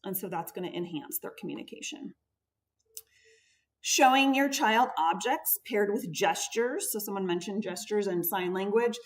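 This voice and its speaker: A woman speech therapist giving a patient, explanatory conference presentation, stressing key words as she goes. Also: mid-range voice. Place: conference room. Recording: voice picked up from a distance.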